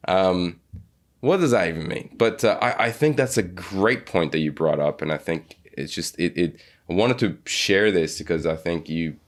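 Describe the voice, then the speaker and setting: Deep-voiced man hosting a podcast chat. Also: animated. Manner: halting, many restarts and repeated words. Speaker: podcast host. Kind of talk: casual interview chat.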